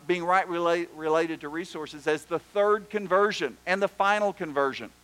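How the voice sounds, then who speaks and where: A pastor preaching a sermon, telling stories and doing animated voices for the people in them. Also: male voice, high voice, rough recording. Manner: storytelling, animated joke voices.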